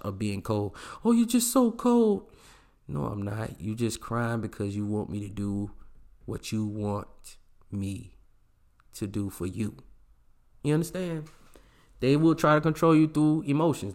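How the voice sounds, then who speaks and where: Man, casual monologue, blunt, slangy, emphatic, mid-pitched voice. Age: adult with a child. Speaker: relationship advice speaker.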